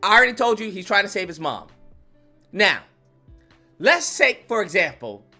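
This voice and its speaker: A man ranting comically about a movie as a YouTube host, slangy and animated, acting out scenes. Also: high-pitched, moderate pace, faint music behind. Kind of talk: comedic movie rant.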